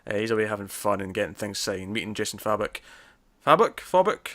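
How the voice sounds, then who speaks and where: Man, young adult, podcast host, casual chat, bright tone, self-mocking, rambling. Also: on the low side, level tone, fast. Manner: self-mocking, rambling, stumbles over words.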